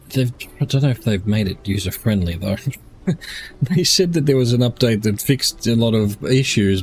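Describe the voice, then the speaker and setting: A man's voice: lowish voice, darkish tone, slight background noise. A tired man streaming a game, rambling casually as he plays and muses over chat questions. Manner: rambling, musing aloud, answering chat questions. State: tired, yawning.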